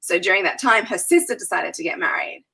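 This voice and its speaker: A woman who plans weddings and events, telling animated stories in a casual interview and laughing often. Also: mid-range voice, quick pace, vocal fry, slightly rough, poor audio.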